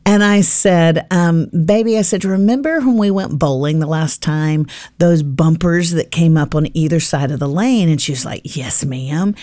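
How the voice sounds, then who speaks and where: A woman's voice: sits low, normal speed, no echo, studio quality. A middle-aged woman on a faith podcast, chatting and telling family stories, acting out the dialogue. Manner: warm storytelling, acts out dialogue with her daughter. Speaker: podcast guest, author. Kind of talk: casual faith podcast chat.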